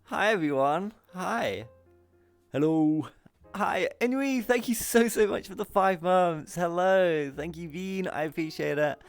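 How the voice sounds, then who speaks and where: A man's voice: high voice, a little slow, clean tone, soft background music. Bubbly British man hosting a livestream. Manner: bubbly and affectionate, giggly, self-mocking. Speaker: talk show host. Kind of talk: livestream chat with viewers.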